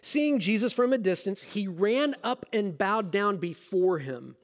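A high-voiced pastor preaches a lively sermon and mixes casual jokes into his explanation of scripture. His voice carries a long reverb, like in a large hall. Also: measured pace.

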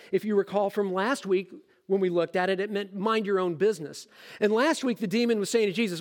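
A man preaching a sermon as a pastor, explaining scripture in a lively, casual, joking way. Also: sits high, normal speed, long reverb tail.

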